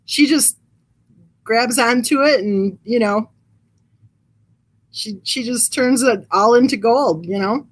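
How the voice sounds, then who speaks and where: A woman's voice: on the high side, slow pace, long pauses. A woman hosting a casual livestream, chatting in a rambling, amused way and reading comments from the live chat. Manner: reads live chat aloud. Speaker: true crime channel host.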